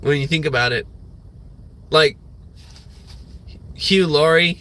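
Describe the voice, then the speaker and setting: Slow, bright-voiced man ranting. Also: fairly high pitch. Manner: rambling, profane, filler-heavy. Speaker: livestreamer. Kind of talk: rambling morning rant monologue.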